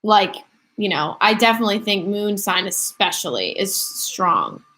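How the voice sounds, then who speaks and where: A woman's voice: medium pitch, animated, moderate pace, pushed and bright. A woman in her twenties chatting casually on a livestream, rambling through viewer questions with lots of fillers. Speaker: livestream host.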